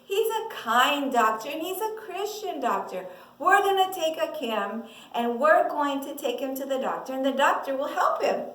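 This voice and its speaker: Woman playing a gentle, reassuring father; drop low, slow it down; roomy, distant sound. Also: animated. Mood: calming. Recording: echoey room, mic far off.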